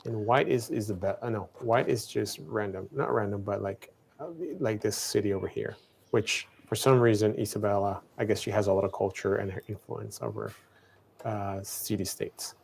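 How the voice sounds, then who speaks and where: A man casually co-hosting a livestream, playfully and excitably talking through a strategy game. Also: lowish voice, normal speed, gravelly, slight background noise.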